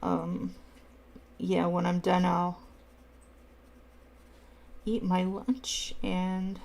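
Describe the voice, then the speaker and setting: Her voice is fairly low, gravelly and a little mellow, delivered in a monotone at an extremely slow pace. She's a middle-aged woman running a laid-back coloring stream, chatting and replying to viewer comments as she works.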